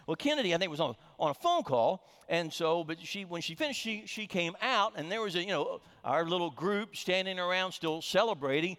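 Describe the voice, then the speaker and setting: A man's voice: high voice, expressive, a little fast, few pauses, fairly bright tone. A middle-aged man preaching a sermon as a pastor, telling a humorous story with frequent restarts, in a reverberant sanctuary. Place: church sanctuary.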